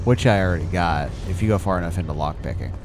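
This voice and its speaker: A man giving upbeat game commentary with quick exclamations, over game music. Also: sits low, animated, vocal fry. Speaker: gaming video host.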